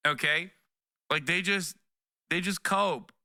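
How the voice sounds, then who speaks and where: A man's voice: sits high, slow, pushed and bright, no room sound. A man in his thirties reacting to news clips on a live stream, sarcastic and profane, close to a desk mic. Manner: profane, sarcastic, mocking voices.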